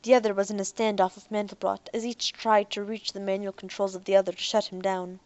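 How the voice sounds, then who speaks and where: A woman narrating a science fiction audiobook in a steady, even reading voice. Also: mid-range voice, a little fast, dry recording, dull audio.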